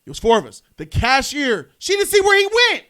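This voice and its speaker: A man with a very high, smooth voice talks a little fast as he hosts a podcast. He tells a story in casual chat, animatedly acting out the people in it and voicing their quotes.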